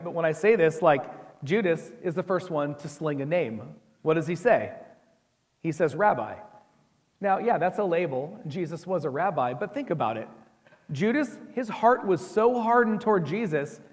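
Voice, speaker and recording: An American pastor with a slightly high voice preaches a sermon conversationally, frequently asking his listeners questions. A long reverb tail trails his words.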